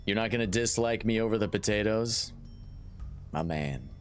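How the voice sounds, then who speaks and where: A man streaming a strategy game live, commentating in an excitable, jokey way and often restarting his sentences. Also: on the low side, normal speed. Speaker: gaming streamer.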